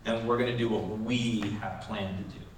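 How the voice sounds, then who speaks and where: A preacher voicing a calm, firm teacher, low and quiet. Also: male voice, moderate pace, crowd noise, close to an everyday voice. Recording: echoey room, mic far off.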